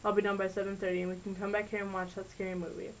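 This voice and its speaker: An earnest teenage boyfriend who keeps apologizing, as a woman reads him aloud in an amateur storybook recording. The voice sits at an ordinary pitch. He sounds sweet and devoted. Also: flat delivery, rapid-fire, slight background noise, lightly acted, rough recording. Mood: apologetic.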